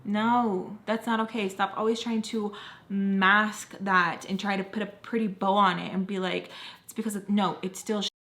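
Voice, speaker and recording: A woman's voice: medium pitch, moderate pace. Young woman telling a heated storytime. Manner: animated, acts out quotes, heated ranting. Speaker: beauty vlogger telling a story. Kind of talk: storytime vlog while doing makeup.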